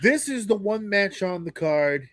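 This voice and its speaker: A man co-hosting a podcast in casual wrestling talk, animated and profane, acting out quotes in exaggerated voices. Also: sits high, measured pace, no room sound. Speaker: podcast co-host.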